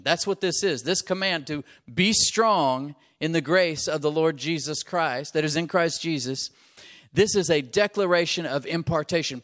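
A man's voice: on the high side, a bit bright. A male pastor preaching a sermon, asking the congregation to repeat phrases and punching his key lines. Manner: call-and-response asides, punches key phrases.

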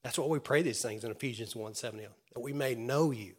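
An earnest male preacher delivers a sermon, his voice lifting into loud calls to the congregation and then dropping into quiet storytelling. He often stumbles and restarts mid-phrase, and his pitch sits in an ordinary middle range. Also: a little fast. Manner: stammering restarts.

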